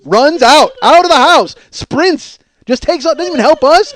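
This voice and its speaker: Animated man telling a comic story. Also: normal speed, few pauses. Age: 40s. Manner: animated, profane, acts out voices with big pitch swings. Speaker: podcast host.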